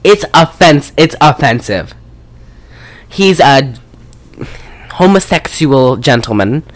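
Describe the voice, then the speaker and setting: A podcast co-host recaps a movie in a casual, rambling way, packed with swearing and filler words. The voice is medium-pitched and slow, with lively intonation.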